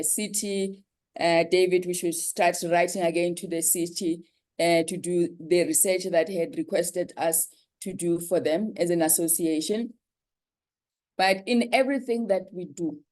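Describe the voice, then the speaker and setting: A woman with a somewhat low voice addresses a panel forum on behalf of her association. She talks haltingly, full of fillers and repeated words. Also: darkish tone. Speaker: industry association speaker.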